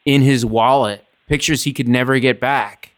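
A man in casual podcast talk, telling stories in a loose, swearing style. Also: normal speed. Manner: animated, swearing, acts out voices with big pitch jumps. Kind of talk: casual storytelling chat.

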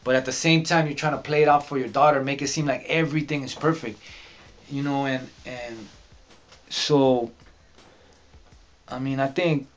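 Rambling man with halting restarts. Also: medium pitch, fairly even intonation. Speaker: podcast guest, rapper. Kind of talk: casual sit-down interview. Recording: dull lo-fi podcast audio.

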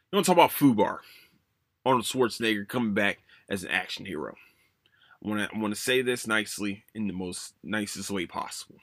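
A man's voice: medium pitch, dry recording, studio quality. A man hosting a casual solo podcast, ranting with lots of swearing and restarts. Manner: animated, profane ranting with many restarts. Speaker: podcast host.

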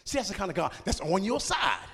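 A man's voice: high voice, big pitch swings, brisk, creaky, fairly bright tone, in a large hall. A man preaching a sermon in a folksy, playful way, joking with the congregation and laughing between phrases.

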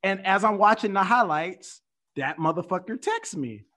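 A man with a notably high voice spins a rambling, profane story among friends, laughing as he goes. He sounds young and loose. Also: animated, normal speed, pushed and bright. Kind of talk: casual storytelling chat.

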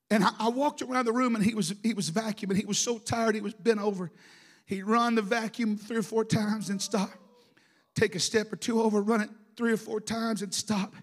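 A middle-aged man preaching a sermon, telling emotional stories that swing from hushed to shouting. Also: sits high, a little fast. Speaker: pastor.

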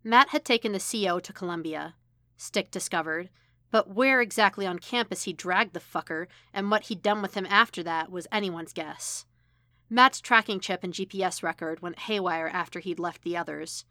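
A woman reading fan fiction aloud as a podfic narrator, measured and even. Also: lowish voice, dry recording. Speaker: podfic reader. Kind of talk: audiobook-style fiction reading.

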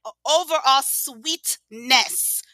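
A woman's voice: high-pitched, takes it slowly, pushed and bright, dry recording, low-quality recording. A woman from Leone, chatting in an emphatic, teasing way. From Sierra Leone. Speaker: podcast co-host. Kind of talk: casual group chat.

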